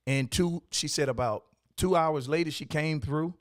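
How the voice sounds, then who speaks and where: A man's voice: a little high, moderate pace, hardly any pauses, dry recording, studio quality. A man who owns a coffee shop and hosts the show, telling stories and giving motivational advice in an emphatic, repetitive, preacherly way. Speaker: coffee shop owner and host. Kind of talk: motivational storytelling talk.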